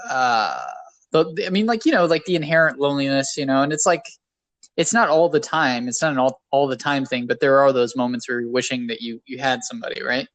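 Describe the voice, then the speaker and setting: A man's voice: medium pitch, brisk, a bit bright, no room sound. Rambling, self-deprecating man co-hosting. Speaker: podcast co-host. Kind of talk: casual podcast chat.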